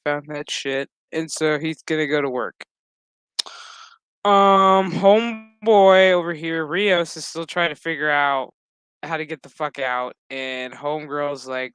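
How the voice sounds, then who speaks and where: A man's voice: fairly high pitch, slow pace, a bit bright, clear, resonant tone, no echo. A man giving a loose, profane, rambling recap of a TV episode, full of fillers. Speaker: TV episode reviewer.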